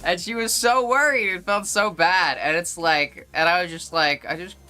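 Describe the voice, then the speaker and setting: Young woman streamer, casual live chat, rambling with constant fillers; bright, crisp tone, faint music under her. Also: on the low side, normal speed.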